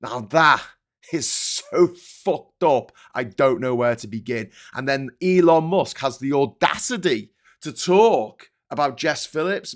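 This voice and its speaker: A man hosting his own channel, delivering a heated, sarcastic and sweary political rant. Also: mid-range voice. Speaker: vlogger host.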